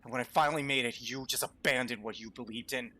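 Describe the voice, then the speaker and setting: Man doing an angry shouting brother, gravelly, bright, music faint behind. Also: mid-range voice, a little slow, full character voice. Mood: bitter. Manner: shouting, accusing. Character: bitter angry brother, young man, accusing.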